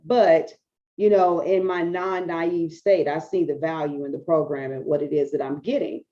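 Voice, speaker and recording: A woman's voice: low voice, normal speed, dull audio. A middle-aged woman coach talking bluntly and casually to her followers, swearing freely and acting out little stories as she goes. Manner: blunt, profane, animated storytelling. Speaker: business coach. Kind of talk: casual talking-head video.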